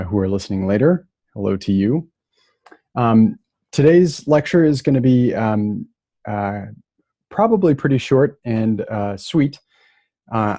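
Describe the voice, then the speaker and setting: Low gravelly man giving a casual lecture. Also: dry recording. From Minnesota. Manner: relaxed, many fillers and restarts.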